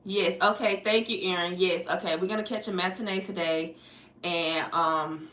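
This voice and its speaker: A woman's voice: lowish voice, steady tone, normal speed, a bit bright, far from the mic. Chatty American woman live-streaming from home. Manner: loose and chatty, talking to chat viewers, swears freely. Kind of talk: casual live-stream chat. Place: home, moving about the room. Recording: roomy sound, voice off the mic.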